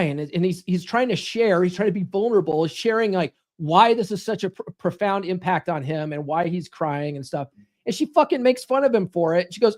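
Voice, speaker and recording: A man's voice: sits high, expressive, moderate pace. A man hosting a podcast, talking casually and bluntly, swearing and tossing in "right?" and "okay?" as he goes. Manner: blunt, profane, keeps checking in with "right?" and "okay?". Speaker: podcast host. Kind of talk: casual monologue to a live chat.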